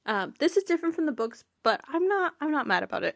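A woman's voice: sits high, very animated, a little fast, creaky, dry recording, studio quality. A young woman hosting a fan podcast, chatting casually in a bubbly, giggly way with lots of fillers. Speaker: podcast host.

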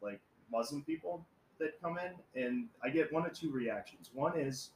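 In an echoey room with a faint hum behind him, a young podcast co-host speaks at an ordinary pace in a fairly high, expressive voice. He rambles through stories, cursing often and laughing through the crude banter.

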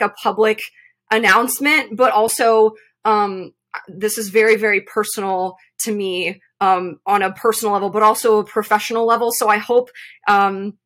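A woman's voice: mid-range voice, fairly bright tone. A woman hosting her own podcast, talking earnestly in a personal monologue with lots of fillers and restarts, her voice catching with emotion. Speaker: podcast host, mental performance consultant.

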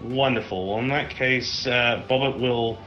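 A man's voice: mid-range voice, measured pace, dull audio, soft background music. A man playing a tabletop game, chatting casually, thinking aloud and swearing with enthusiasm. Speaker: player.

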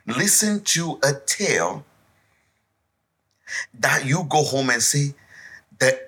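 Man from West Africa, podcast co-host, bright husky storyteller. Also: medium pitch, slow. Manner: animated storyteller, acts out voices and sounds. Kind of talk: casual chat with storytelling.

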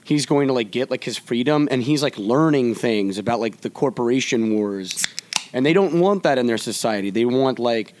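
A man chatting casually with friends, excitable and profane, peppering his talk with dude. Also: medium pitch, moderate pace, a little hiss or hum. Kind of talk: casual chat.

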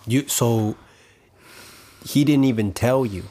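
A man's voice: medium pitch, slow pace, dark tone. A man interviewing a guest, asking short follow-up questions.

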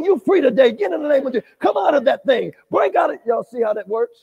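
A man preaching at a Bible study, animated, quizzing the congregation and rising to shouts. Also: extremely high pitch, fast, creaky, hardly any pauses, long reverb tail, muffled recording. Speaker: pastor. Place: church sanctuary.

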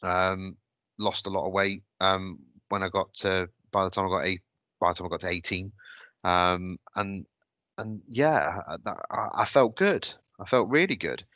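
A man's voice: low voice, normal speed, pushed and bright, no room sound. A man telling a personal story on a podcast, hesitant and reflective, often restarting his sentences. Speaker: podcast host.

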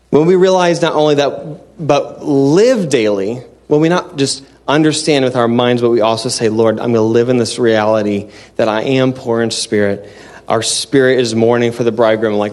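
Casting: male pastor, mid pitch, earnest, chatty sermon delivery with restarts in a church. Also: darkish tone. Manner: earnest, conversational, with frequent restarts.

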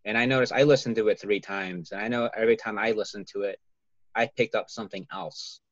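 A podcast co-host rambles through a casual chat, padding his talk with lots of "you know" and laughing often. His voice is on the low side, steady and fast, recorded with no room sound and the highs cut off.

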